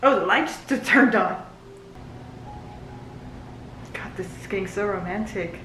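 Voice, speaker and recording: A woman giving a live reaction commentary, gushing and excitable as she talks back to the screen. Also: mid-range voice, measured pace, long pauses, faint music behind. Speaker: book and TV reviewer. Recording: roomy echo, faint hiss.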